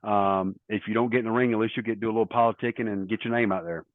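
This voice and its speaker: Middle-aged male guest, lowish voice, anecdotal and rambling, phone-quality audio. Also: steady tone, racing, dry recording. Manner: rambling anecdotal storytelling with quoted dialogue. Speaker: interview guest, former wrestler. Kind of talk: casual storytelling interview. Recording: tinny phone-like line, dry.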